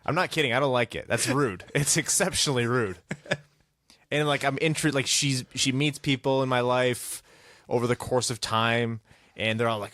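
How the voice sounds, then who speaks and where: A man co-hosting a casual hockey podcast, ranting with animated, self-mocking humor. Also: mid-range voice, moderate pace, dry recording. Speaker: podcast co-host.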